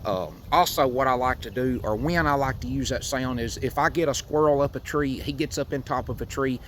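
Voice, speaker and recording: A man from Tennessee gives a folksy, unhurried demonstration of hunting calls, with frequent fillers. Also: medium pitch, fairly bright tone, a little hiss or hum. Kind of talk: outdoor how-to demonstration.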